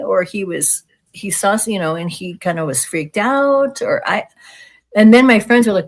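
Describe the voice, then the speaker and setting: Animated woman telling a strange story. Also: medium pitch, normal speed. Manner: animated, acts out quoted speech, frank. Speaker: guest sharing alien encounter experiences. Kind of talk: casual storytelling in conversation.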